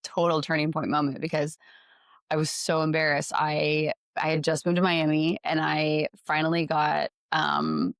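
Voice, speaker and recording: A woman's voice: sits low, little pitch movement, moderate pace, dry recording, clean studio sound. A woman hosting a podcast, chatting in an encouraging way and sharing her own stories. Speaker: podcast host. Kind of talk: casual podcast interview.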